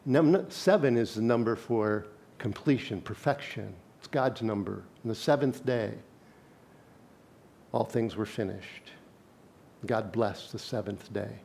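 A man's voice: on the low side, measured pace, gravelly, a little mellow, slight background noise. Conversational man preaching a sermon. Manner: conversational preaching, quizzes the congregation. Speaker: pastor.

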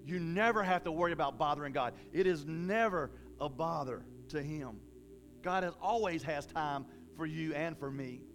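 A man preaching a sermon in a casual, folksy way, with animated bursts of emphasis. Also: fairly high pitch, normal speed, soft background music.

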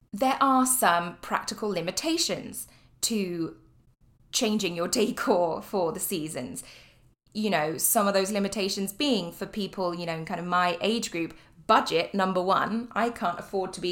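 A young British woman from the UK hosting a podcast in a casual, upbeat solo chat, full of fillers and light laughter. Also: medium pitch. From United Kingdom. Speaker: podcast host.

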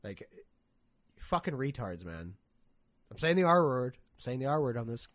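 Young man, casual podcast chat, animated storyteller, swears freely, loud acted-out quotes. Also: mid-range voice, moderate pace.

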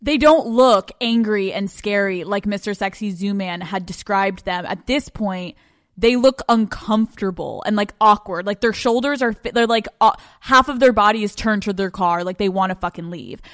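Profane, animated woman telling a story. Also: medium pitch, moderate pace, no room sound, studio quality. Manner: animated, profane, laughing often. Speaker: podcast host. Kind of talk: casual storytelling.

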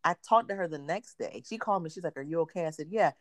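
A quick-paced, low-pitched woman is heard in a dry, clean studio recording. She's in her thirties and co-hosts a podcast, chatting casually and dramatizing quotes as an animated storyteller.

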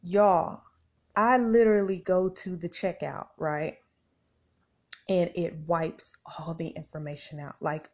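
A woman's voice: on the low side, fairly even intonation, unhurried, a little mellow. Chatty woman telling a story. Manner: chatty, addresses listeners directly, acts out her own reactions. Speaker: podcast host. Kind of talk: casual storytelling monologue.

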